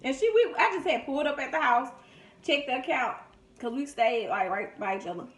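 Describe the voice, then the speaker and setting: High voiced woman vlogging, dramatic storytelling, roomy echo. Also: brisk, slight background noise. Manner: animated, dramatic retelling with loud laughing outbursts. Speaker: mukbang vlogger. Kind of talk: storytelling while eating. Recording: echoey room.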